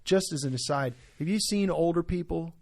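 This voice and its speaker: Earnest, higher-voiced pastor on a podcast. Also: male voice, normal speed, vocal fry, darkish tone. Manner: earnest, emphatic, full of "right?" tag questions. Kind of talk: podcast discussion.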